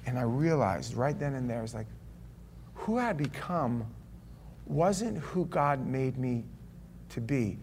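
A man's voice: medium pitch, expressive, slow pace, long pauses, a little mellow, breathy edge. A man preaching in a church, telling a personal testimony in a conversational, emotional way with frequent restarts. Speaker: pastor. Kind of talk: sermon testimony.

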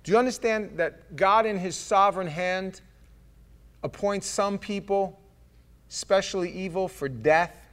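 A man's voice: sits high, a little slow, fairly bright tone. A male pastor preaching a conversational, emphatic sermon, often turning directly to his congregation.

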